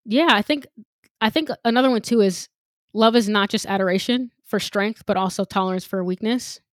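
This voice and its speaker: Woman co-host, reflective casual podcast talk, mid-pitched, dry close recording. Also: brisk, dry recording. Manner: reflective, thinks aloud with light laughs. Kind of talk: casual chat.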